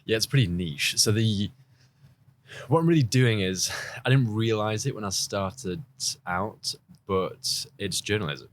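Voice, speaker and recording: A man's voice: fairly low pitch, animated, unhurried, a little hiss or hum. An English man, a podcast guest and video journalist, telling his story in a chatty, rambling way. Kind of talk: casual interview talk.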